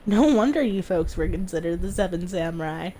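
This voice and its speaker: A woman voicing a tired, shy young woman developer who speaks quietly and hesitantly. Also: on the low side, lively intonation, brisk, voice pushed down.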